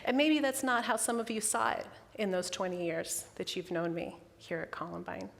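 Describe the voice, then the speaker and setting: A middle-aged woman preaches a heartfelt sermon from the front of a church, speaking candidly about her own spiritual journey. Her voice sits at an ordinary pitch and carries a long reverb from the sanctuary, and she sounds close to tears. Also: steady tone, normal speed, creaky. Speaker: minister. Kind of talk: personal sermon.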